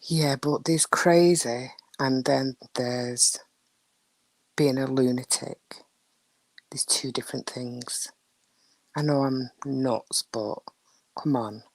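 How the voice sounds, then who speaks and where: Slow-talking woman chatting live. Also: rumbling low, darkish tone, dry recording. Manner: chatty, rambling, often drops to a near whisper. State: dry throat. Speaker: livestream host. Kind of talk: casual live chat with viewers.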